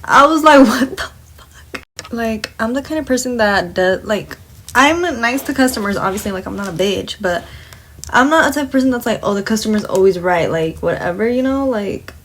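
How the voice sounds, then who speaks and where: A woman's voice: a little high, lively intonation, fairly quick, a bit bright, a little hiss or hum. Blunt, swearing young woman telling a story. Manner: blunt, expletive-laden, indignant retelling with quoted dialogue. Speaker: vlogger telling a work story. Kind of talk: casual storytime while doing makeup.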